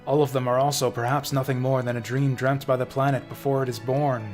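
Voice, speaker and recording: A man streaming a game, reading its lines aloud with some drama before slipping into casual, swearing commentary. His voice sits at an ordinary middle pitch. Soft game music plays underneath. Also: little pitch movement, fairly quick. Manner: dramatic reading, drifting into casual, profane asides. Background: faint game music.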